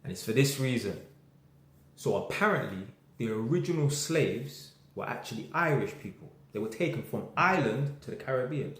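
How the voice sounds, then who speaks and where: A man's voice: mid-range voice, expressive, moderate pace, a bit bright. A man talking casually to the camera in an emphatic way, stretching out words for effect. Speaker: commentator. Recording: roomy echo.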